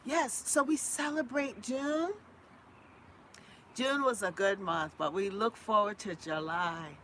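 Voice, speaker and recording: A little hiss or hum runs under this phone recording of a Boston-accented woman's live gardening show. She speaks slowly in a mid-range voice, warmly gushing to viewers, and sings her homemade jingle.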